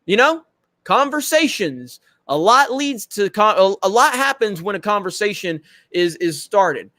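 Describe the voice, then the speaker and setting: Male host, casual livestream chat, blunt, confrontational, high voice, dry sound. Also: very animated, unhurried, pushed and bright, dry recording. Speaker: show host.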